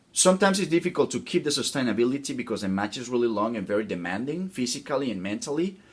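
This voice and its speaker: A man's voice: mid-range voice, husky. A man gives a tennis coaching talk straight to his viewers, full of energy. He often trips over his words and starts phrases again. He keeps calling the audience guys. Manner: energetic, repeats and restarts phrases.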